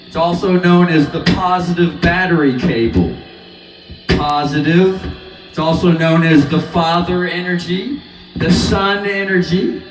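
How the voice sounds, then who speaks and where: A man rambling about chords and word play while playing guitar at home, with loose free association. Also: fairly high pitch. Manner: rambling, free-associating, breaks into laughter and snatches of singing. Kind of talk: rambling musing over guitar practice. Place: home room with guitar amp. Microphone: dynamic mic, sung dry. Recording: roomy home recording, mic at a distance.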